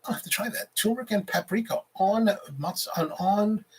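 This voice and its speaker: A man's voice: high voice, moderate pace, husky. A man in his forties hosting a casual livestream, rambling and reading viewer comments aloud. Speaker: livestream host, barista.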